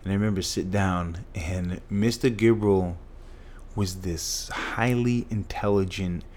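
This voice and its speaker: A man's voice: low voice, measured pace, darkish tone. A middle-aged man earnestly telling a personal story as an interview guest.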